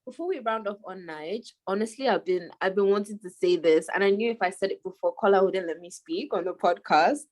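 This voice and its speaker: A woman co-hosting a podcast, talking in a relaxed and chatty way. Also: mid-range voice, a little fast, hardly any pauses, no room sound. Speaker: podcast co-host. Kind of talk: casual chat.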